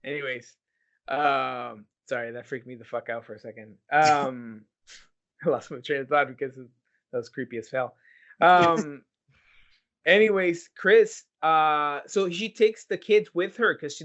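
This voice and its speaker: Swearing storytelling man on lo-fi podcast. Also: a little high. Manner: swears a lot, animated storytelling. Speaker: podcast host. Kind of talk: casual chat. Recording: dull lo-fi podcast audio.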